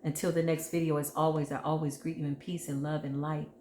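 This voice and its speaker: A woman's voice: low voice, little pitch movement, fast, mellow, roomy sound, a little hiss or hum. A woman giving a tarot reading to her viewers, talking emphatically and expressively and addressing them directly. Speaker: tarot reader.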